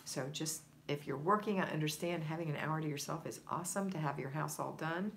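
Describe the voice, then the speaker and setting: A woman's voice: low-pitched, brisk, vocal fry, slight background noise. A woman coaching viewers on a livestream, reading their comments aloud and encouraging them in a chatty, conversational way. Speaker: home organizing coach.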